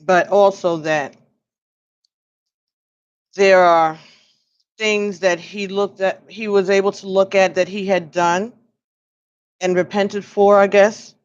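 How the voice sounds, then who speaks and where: A woman giving an oracle card reading on a livestream, musing slowly and pausing as if listening for messages. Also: medium pitch, fairly even intonation, muffled recording. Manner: slow, musing, pauses to listen.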